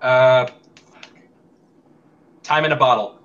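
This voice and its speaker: A man's voice: medium pitch, slow, a bit bright, clean tone, dull audio, soft background music. A man competing in a trivia quiz, thinking aloud as he hunts for answers. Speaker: trivia contestant.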